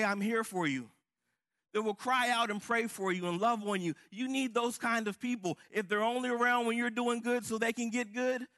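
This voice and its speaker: A man's voice: very high-pitched, sharp tone. A man preaching a sermon with fervent, building emphasis. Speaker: pastor.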